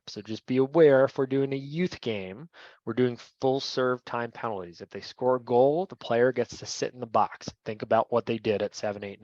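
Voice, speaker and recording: Delivering a referee training lecture, this man talks conversationally and keeps tossing in "right?" to check in. His medium-pitched voice is a little mellow, with no echo, captured on a dull, dry lo-fi recording.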